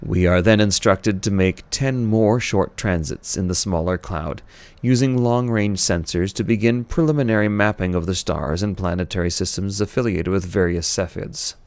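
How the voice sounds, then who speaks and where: A man reading a novel aloud, voicing a calm, logical science officer giving a measured briefing. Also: sits low, no room sound. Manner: measured, even briefing delivery. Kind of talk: audiobook character reading.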